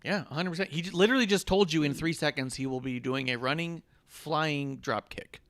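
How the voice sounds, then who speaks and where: A man sits at his podcast mic, bantering loosely and cursing freely as he rambles through jokes. His voice sits a little higher than most men's. The sound is dry and close, with no room in it. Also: fairly quick, fairly bright tone, no echo. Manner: profane, joking, rambling banter. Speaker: podcast co-host. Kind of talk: casual wrestling podcast chat. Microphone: podcast microphone.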